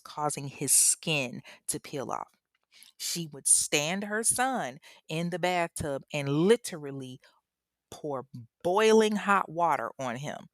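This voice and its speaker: A woman narrates a true-crime story in a loose, conversational way, full of profanity and asides to her audience. Her voice sits somewhat low. The recording is dry and close. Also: a bit bright, dry recording. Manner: casual, profane, addresses audience directly.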